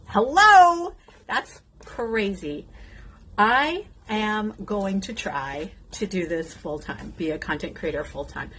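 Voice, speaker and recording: A woman's voice: mid-range voice, slow, a bit bright, slightly rough. A woman in her fifties chatting casually with her viewers while doing her makeup, emotional and outspoken. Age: 50s. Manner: emotional, outrageous, addresses viewers directly. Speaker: beauty content creator.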